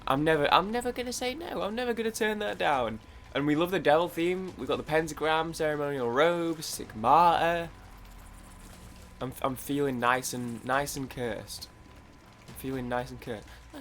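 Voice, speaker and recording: A young man commenting casually on his own gameplay, rambling and excitable, with frequent restarts. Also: on the high side, gravelly, slight background noise. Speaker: gaming YouTuber. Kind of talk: casual let's-play commentary.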